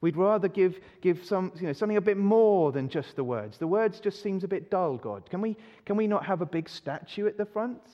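A man's voice: high voice, expressive, fairly quick, hardly any pauses, voice pushed up. A man voicing a crowd of grumbling worshippers who plead for something more than words, in a whiny tone. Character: grumbling worshippers wanting an idol. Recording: dull recording in a reverberant hall.

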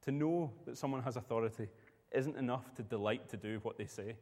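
Preacher telling a story in a hall. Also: male voice, mid-range voice, a little fast, darkish tone. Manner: storytelling, conversational. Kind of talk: sermon.

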